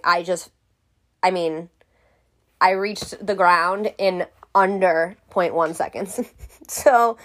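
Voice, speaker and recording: A young woman telling a storytime vlog in a blunt, exasperated, profane way. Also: fairly low pitch. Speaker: vlogger.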